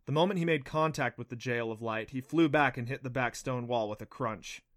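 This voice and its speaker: This audiobook narrator is a man with an even, middle-pitched voice who tells the scripted story steadily. His pace runs a little fast.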